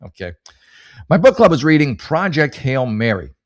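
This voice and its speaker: A man's voice: medium pitch, very animated, moderate pace. A middle-aged man hosting a comedy podcast, telling rambling stories with lots of cursing and restarts. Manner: rambling, swearing, storytelling with many restarts. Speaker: podcast host. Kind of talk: casual comedic monologue.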